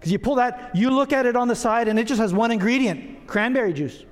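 High-voiced pastor in a reverberant hall. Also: male voice, a little fast. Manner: conversational, self-deprecating humor. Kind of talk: sermon. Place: church sanctuary.

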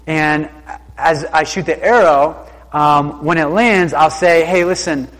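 Taking it slowly, a man with a slightly bright, higher voice reads Bible verses aloud. He follows each with a loose, slangy everyday retelling, and the sound carries the reverb of a hall.

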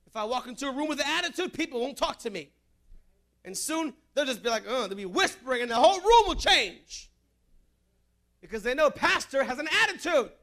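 A male pastor preaching a sermon, building to emphatic shouts and easing into a hushed altar call. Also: very high voice, lively intonation, a little fast. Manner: emphatic, rising to shouts then softening for prayer.

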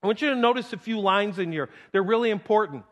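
A man preaching a sermon in a church, animated and humorous, acting out the lines of the people in the scripture. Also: high-pitched, fast. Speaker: pastor. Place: church sanctuary. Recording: long reverb of a large hall.

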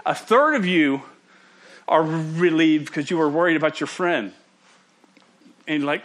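Animated pastor joking with students. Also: male voice, a little high, slow pace, pauses often. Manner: animated, joking, with frequent restarts. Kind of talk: sermon.

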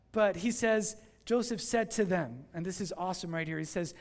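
Male pastor, sermon, animated storytelling, very high pitch, gravelly edge. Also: moderate pace, hardly any pauses. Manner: animated storytelling, acting out dialogue.

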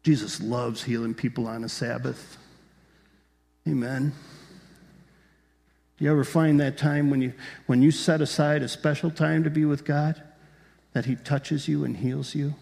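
A man's voice: mid-range voice, steady tone, measured pace, gravelly, pauses often, a little mellow. A man preaching a sermon as a pastor, telling the story vividly and asking the congregation rhetorical questions. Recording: long reverb of a large hall.

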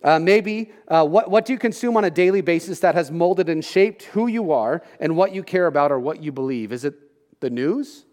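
A man's voice: a little high, animated, normal speed, darkish tone. Casual preacher man in a reverberant hall. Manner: conversational, joking asides, acts out crowd voices. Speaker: pastor. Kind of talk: casual sermon.

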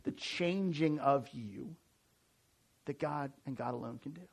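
An American pastor in his forties delivers a sermon to his church in a lively, conversational style, frequently starting his sentences over. His voice is gravelly and mid-pitched, and he speaks a little slowly.

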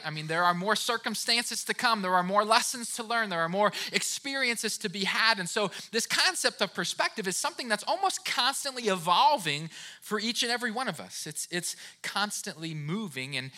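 Man, motivational talk, very animated pitch, earnest, addresses listener directly, repeats words. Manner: restarts and repeated words while storytelling. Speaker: speaker of a talk series. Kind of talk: motivational talk with personal stories.

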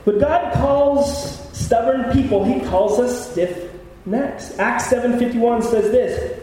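A man's voice: very high voice, takes it slowly, mellow, a little hiss or hum. A middle-aged male pastor preaching a sermon, telling personal stories with self-deprecating jokes. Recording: echoey hall, mic at a distance.

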